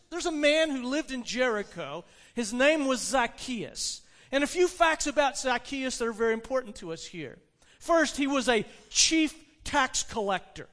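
A man preaching a sermon, retelling a story with animated delivery and frequent restarts. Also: very high voice. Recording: long hall reverb.

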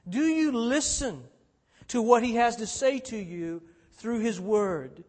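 A man preaching a sermon in measured phrases, swelling to emphatic peaks and then dropping low and soft. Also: animated. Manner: slow, measured phrasing with repeated refrains.

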